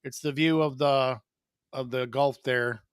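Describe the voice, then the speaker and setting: Speaking at a medium pitch, this man keeps a steady, unhurried tone that is clear and resonant, captured in a clean studio with no echo. He co-hosts a relaxed real estate live-stream chat, informative and easygoing, though he rambles and restarts.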